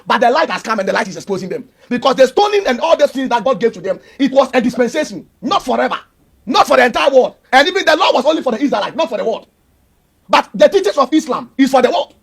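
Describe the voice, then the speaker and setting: A man's voice: very high-pitched, creaky, breathy edge. A man, arguing emphatically and preachily in a heated religious debate and repeating his points. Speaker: Christian debater.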